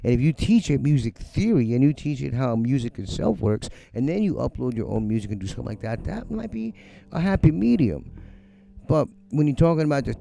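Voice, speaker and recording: A man's voice: medium pitch, fairly quick, vocal fry. A middle-aged man hosting a music livestream from his home studio, ranting bluntly and profanely. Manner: blunt, profane, animated, mocks others in quoted voices. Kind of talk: casual live-stream rant.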